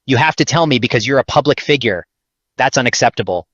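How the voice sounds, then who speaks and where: A man's voice: mid-range voice, animated, fast, fairly bright tone, husky, dry recording. A man voicing a smug, greedy male streamer in a cartoon skit. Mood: indignant. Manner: smug, whiny. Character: greedy self-important male video streamer. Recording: dull dry lo-fi sound.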